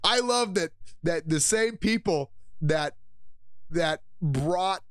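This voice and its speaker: A man hosts his own livestream in a casual, crude rant. His voice sits a little high for a man, and he breaks into laughter often. The sound is dry, with no room echo. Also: slow. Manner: profane, mocking, laughs often; energetic, gets excited. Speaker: livestream show host.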